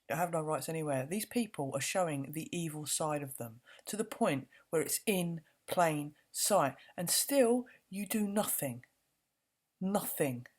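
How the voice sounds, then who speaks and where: A woman's voice: low-pitched, a little mellow. A woman vlogging an indignant, swearing rant to camera, repeating words for emphasis.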